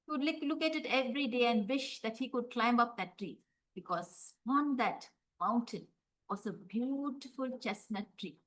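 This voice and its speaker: Expressive woman storyteller. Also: on the high side, low-quality recording. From India. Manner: expressive, drawn-out, dramatic pauses. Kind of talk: folktale storytelling.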